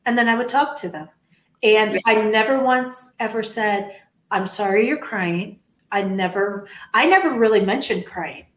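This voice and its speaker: A woman's voice: medium pitch, measured pace. A woman who coaches leadership and once worked in HR, talking earnestly in a podcast chat, stressing points by repeating them and acting out quotes. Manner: earnest, repetitive emphasis, animated quoting. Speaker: leadership coach, former HR professional. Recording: echoey room.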